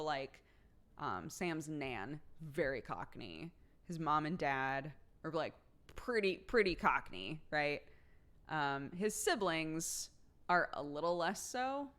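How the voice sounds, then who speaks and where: A chatty American woman streaming and talking casually with her viewers. Her voice sits low for a woman, and she laughs often and fills her talk with "like.". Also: fairly bright tone. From United States.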